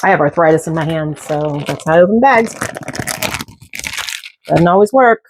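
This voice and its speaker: A middle-aged woman chats while she cooks, drifting from one story to the next with jokey asides. Her voice sits fairly low for a woman. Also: lively intonation, moderate pace, noisy background. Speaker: cooking vlogger. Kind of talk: casual chat while cooking.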